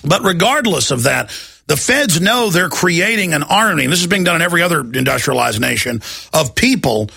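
A man's voice: a little high, expressive, brisk, vocal fry, bright, forceful tone, husky, dry recording, studio quality. A middle-aged man hosting a talk radio show, ranting in a heated, repetitive way and mocking people with put-on voices.

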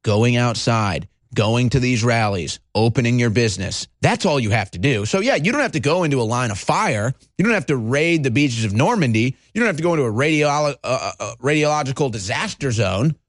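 A male talk show host delivering a heated, agitated monologue, swinging between low intensity and shouting. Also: expressive, a little fast, hardly any pauses, dry recording, clean studio sound.

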